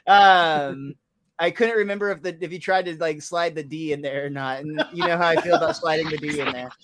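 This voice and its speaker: A man's voice: on the high side, steady tone, a little fast, noisy background. A man co-hosting a podcast, chatting loosely about an episode with lots of fillers and laughter. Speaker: podcast co-host. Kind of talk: casual chat recapping an episode.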